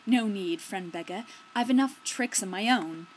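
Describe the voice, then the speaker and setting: A woman's voice: medium pitch, moderate pace, slight background noise, lightly acted, rough recording. A woman voicing a bold young outlaw hero. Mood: bargaining.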